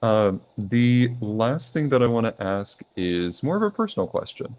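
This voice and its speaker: A young man hosting a podcast, asking questions in a relaxed way with many ums and uhs. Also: medium pitch, normal speed. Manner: relaxed, lots of fillers like um and uh. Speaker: podcast host. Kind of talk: casual interview questions.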